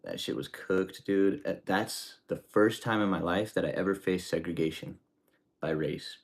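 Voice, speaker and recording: A man's voice: low-pitched, normal speed. A man streaming as he cooks, telling rambling stories in casual, profane slang. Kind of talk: casual storytelling while cooking.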